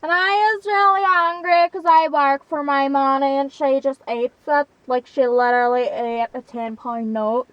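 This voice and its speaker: A woman's voice: sits high, steady tone, normal speed, hardly any pauses, muffled recording, slight background noise, pitched above the performer's own voice, natural voice. A girl putting on a cranky griping woman with a bad accent. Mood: indignant. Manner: exaggerated put-on accent. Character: indignant young woman griping about money.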